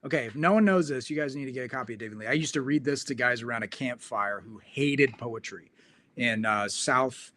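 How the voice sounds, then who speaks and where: A man's voice: mid-range voice, fairly quick, pushed and bright. A male host in casual chat, telling a rambling story with plenty of fillers.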